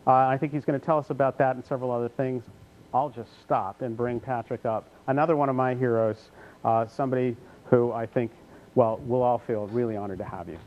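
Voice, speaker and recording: A man moderating a workshop, introducing the next speaker in a halting way with fillers. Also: medium pitch, steady tone, muffled recording.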